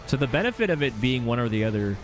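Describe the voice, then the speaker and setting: Over background music, a man with a medium-pitched, sing-song voice talks fast while live-streaming a video game. He chats playfully with his viewers, cracks jokes, and reacts to the chat in casual gameplay commentary.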